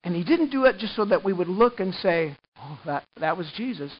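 A man preaching a sermon as pastor, animated, swinging from hushed tones to loud emphasis and often repeating words. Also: high-pitched, a little fast, highs cut off.

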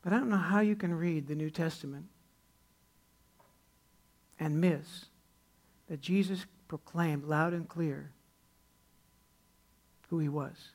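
High, gravelly-voiced man preaching casually. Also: takes it slowly, long pauses, darkish tone. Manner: conversational preaching, acts out quoted characters. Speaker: pastor. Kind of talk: sermon.

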